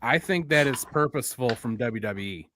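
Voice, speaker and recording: A man co-hosting a wrestling podcast, calmly explaining his analysis. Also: mid-range voice, noisy background. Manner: measured, explanatory. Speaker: podcast co-host.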